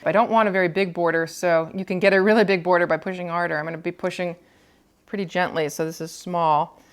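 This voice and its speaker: A woman teaching cookie decorating, calmly explaining each step while she works. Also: lowish voice, quick pace. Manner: calm, explanatory, thinking aloud while working. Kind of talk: step-by-step demonstration.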